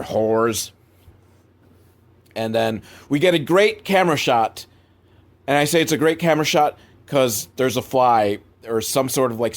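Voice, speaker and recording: A man talks through a cheap movie in loose, rambling asides, swearing casually and hedging with lots of "like" and "I don't know." He laughs at the film's sloppiness as he goes, in an unscripted, conversational way. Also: medium pitch. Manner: rambling, profane, laughs at bad filmmaking. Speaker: movie reviewer host.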